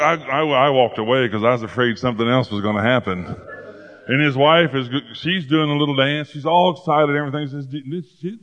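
Folksy preaching man, lo-fi. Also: fairly high pitch. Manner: folksy storytelling, playful and animated. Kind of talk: sermon.

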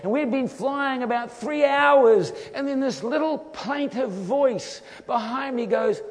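A man telling a funny travel story in a sermon, animated and laughing often. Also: extremely high pitch, slow. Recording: long hall reverb.

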